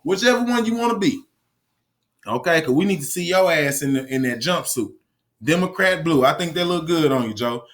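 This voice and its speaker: Man, profane rant, slightly high voice, lively swings. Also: brisk. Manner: animated, cursing, repeating words, reading news aloud. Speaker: commentator. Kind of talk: casual profane commentary.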